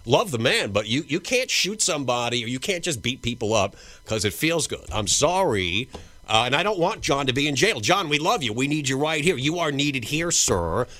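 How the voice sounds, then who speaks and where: A man's voice: medium pitch, sing-song, normal speed, bright, forceful tone, dry recording. A man hosting a talk radio call-in show, joking and needling his callers.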